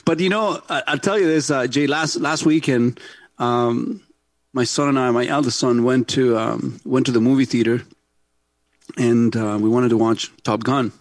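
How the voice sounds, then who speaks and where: A man's voice: medium pitch, steady tone, moderate pace, dry recording. Middle-aged guy hosting a talk show, loose rambling chat, laughs a lot, dry studio mic. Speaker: podcast host.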